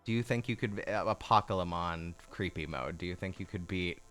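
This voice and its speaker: A fairly low-pitched man with a bright, smooth, crisp voice, joking his way through a game stream. He teases his co-player with quick asides. Soft music plays underneath. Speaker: co-host streamer. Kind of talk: casual gaming chat.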